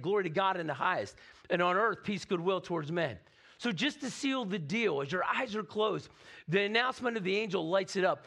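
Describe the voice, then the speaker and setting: Pastor guy preaching, kinda high voice, chatty and animated, keeps asking "right?". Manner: animated, conversational preaching with frequent "right?" asides. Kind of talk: sermon.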